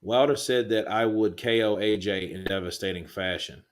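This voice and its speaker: Casting note: a male livestream host, slightly low voice, casual and rambling, swears freely while reading chat. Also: moderate pace. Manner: laid-back, rambling, swears a lot. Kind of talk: casual live boxing chat, reading viewer comments.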